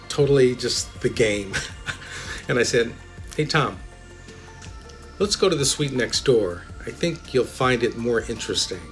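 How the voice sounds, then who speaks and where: Chatty man telling stories, faint music. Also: medium pitch. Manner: relaxed, chatty, many "you know" fillers. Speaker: immigration lawyer. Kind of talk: anecdotal storytelling.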